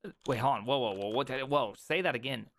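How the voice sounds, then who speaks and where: A man's voice: mid-range voice, fairly bright tone, a little hiss or hum. A man from South Dakota hosting a casual chat, teasing his guest and laughing often. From South Dakota, US Midwest. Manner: joking, quick laughs, teasing. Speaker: podcast host.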